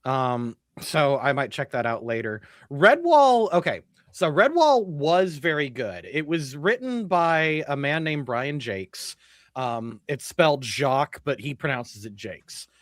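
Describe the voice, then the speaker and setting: A man's voice: on the high side, sing-song, measured pace, no room sound, studio quality. A man chatting casually and rambling, with many "like"s and restarts. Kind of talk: casual chat.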